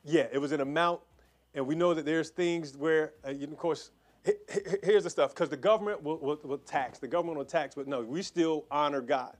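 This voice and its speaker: Fervent preaching man, slightly high voice. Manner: fervent, repetitive exhorting with quick restarts. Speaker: pastor. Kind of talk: prayer and offering appeal.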